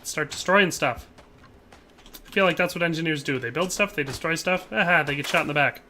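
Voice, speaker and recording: Chatty young man with a bright voice. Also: a little high, brisk, a little hiss or hum. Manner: chatty, laughs often, trails off mid-sentence. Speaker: livestreamer. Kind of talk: casual gameplay commentary reading chat. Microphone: headset.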